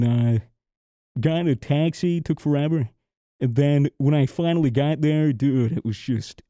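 A young man from the United States tells a story in a casual podcast chat, swearing freely and acting out the people he quotes. His voice is very dark and mellow. It is recorded dry and close. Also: mid-range voice, no room sound. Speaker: podcast co-host.

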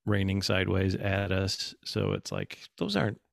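A man in his thirties chatting casually, telling a story with lively acted-out quotes. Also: sits low, moderate pace, creaky, no room sound, clean studio sound. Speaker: guest. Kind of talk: casual conversation.

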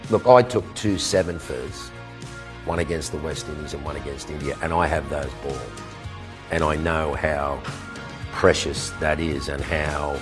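An older man with a notably deep, low voice tells a story with relish. He acts out each exchange and laughs at his own punchlines. Music plays clearly beneath him. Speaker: guest storyteller. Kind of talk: animated anecdote.

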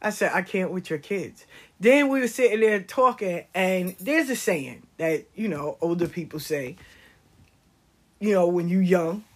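A middle-aged woman telling comedic stories in a casual, animated way, swearing freely. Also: on the low side, a little slow. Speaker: storyteller.

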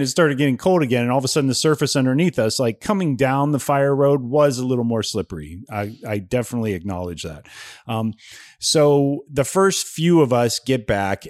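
A podcast co-host tells a story in casual chat, animatedly acting out what other people said. His mid-range voice comes through with studio quality and no echo.

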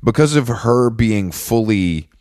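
A man's voice: mid-range voice, lively intonation, slow, darkish tone, no room sound, clean studio sound. A man co-hosting a podcast in casual chat, gossipy and chatty, often laughing and restarting his sentences. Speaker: podcast co-host.

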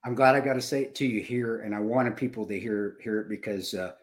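A man in his fifties co-hosting a podcast, talking emotionally and haltingly with many restarts. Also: lowish voice. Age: 50s. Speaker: podcast co-host. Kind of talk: casual podcast chat.

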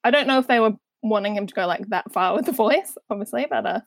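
A woman's voice: mid-range voice, animated, quick pace, gravelly. A woman co-hosting a movie podcast, chatty and giggly, with lots of fillers. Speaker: podcast co-host. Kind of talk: casual movie discussion.

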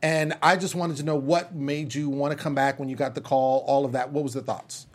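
A man's voice: medium pitch, steady tone, fairly quick. A man hosting a casual panel chat show, hyped and playful, greeting guests with big energy. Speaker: host.

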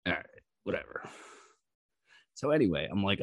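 Low-voiced man telling a blunt story. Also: moderate pace, pauses often, dry recording, clean studio sound. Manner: blunt, profane, laughs often, acts out quotes. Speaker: podcast host. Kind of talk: personal storytelling monologue.

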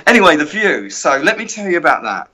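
A middle-aged man, a guitar tech, telling lively anecdotes in a casual interview and acting out other people's lines. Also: on the high side, fast. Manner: animated anecdote-telling with many quoted voices.

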